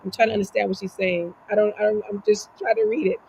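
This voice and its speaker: A woman's voice: mid-range voice, steady tone, fast, gravelly, darkish tone, slight background noise, poor audio. A woman who is a life coach and podcast guest, talking earnestly and motivationally, asking herself rhetorical questions. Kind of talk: casual conversation.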